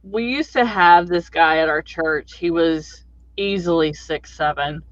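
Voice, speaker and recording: A man's voice: fairly high pitch, a little slow, fairly bright tone, dry recording. A man rambles through folksy stories in casual chat, stopping and restarting along the way. He is recorded dry, with a dull, muffled home mic. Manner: rambling, folksy storyteller with fillers.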